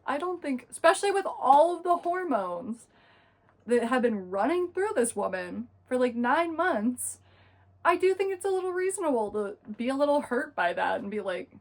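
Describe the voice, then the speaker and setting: Young woman rambling through a book recap, lots of likes, a bit of gravelly fry in her voice. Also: sits high, big pitch swings. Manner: chatty, fillers every few words, quick asides. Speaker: book reviewer. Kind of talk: casual book recap and commentary.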